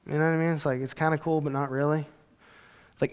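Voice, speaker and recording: Pastor guy preaching, jokey and chatty, does little voices, highish voice, big echoey church. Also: fairly quick. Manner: conversational, joking, acts out quoted voices. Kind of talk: sermon. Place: church sanctuary.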